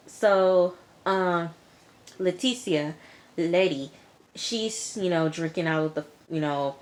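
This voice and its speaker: A young woman chatting casually to her viewers about a TV episode, laughing often and talking straight to the audience. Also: sits low. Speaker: TV review vlogger. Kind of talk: casual recap chat.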